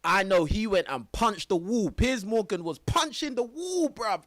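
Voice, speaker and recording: High, lively young streamer. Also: male voice, a little slow, hardly any pauses, no echo, studio quality. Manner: laughing, exclamatory, heavy slang. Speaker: live streamer reacting to clips. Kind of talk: excited reaction commentary.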